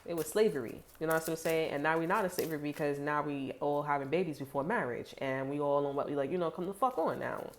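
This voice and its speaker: Woman, casual tarot reader talking to camera, low-pitched, profane, rambling with fillers. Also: quick pace, few pauses, a little hiss or hum. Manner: chatty and blunt, heavy swearing, many "like" fillers. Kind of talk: casual tarot reading to viewers.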